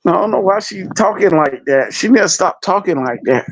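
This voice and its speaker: A man's voice: sits high, animated, fairly quick, no echo. A man chatting as a guest on a livestream, teasing and repeating his lines. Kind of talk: casual livestream chat.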